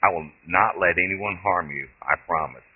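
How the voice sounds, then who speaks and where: A man voicing a bossy, foul-mouthed old great-grandmother, speaking bluntly and demandingly in a husky voice. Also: low voice, moderate pace. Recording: tinny lo-fi phone-like audio.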